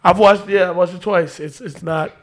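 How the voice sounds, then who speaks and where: A young man with a noticeably high voice for a man, joking around and ready to argue. He co-hosts a casual chat in loose slang. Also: fairly even intonation, normal speed.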